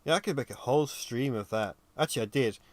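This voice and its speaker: A weary man talks through his animation work on a livestream, his medium-pitched voice easygoing and unhurried. He thinks out loud, pausing and filling gaps with ums as he goes, and sounds worn out. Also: no echo. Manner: thinks aloud, halting with ums while working. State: tired and yawning. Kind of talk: casual livestream commentary.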